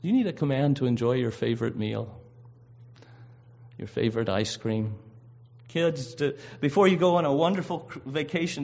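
A man's voice: medium pitch, expressive, normal speed, creaky, darkish tone. A man preaching a sermon, earnest and emphatic, drawing out key words and often restarting his phrases. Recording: dull lo-fi recording.

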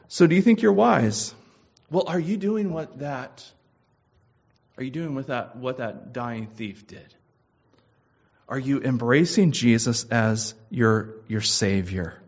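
A man's voice: on the high side, husky. A man preaching a sermon, asking his listeners probing questions and repeating phrases for emphasis. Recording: muffled lo-fi recording.

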